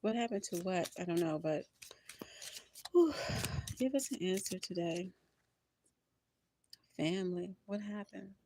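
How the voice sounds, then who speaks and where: An older woman reading tarot on a livestream, expressive and preachy, often laughing and calling her listeners honey and baby. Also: on the low side, measured pace, pauses often, no echo. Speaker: tarot reader.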